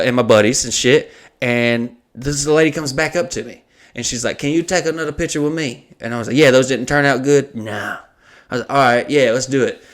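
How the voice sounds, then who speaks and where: A man, a comedian and podcast host, telling a profane, animated story in casual chat. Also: fairly high pitch.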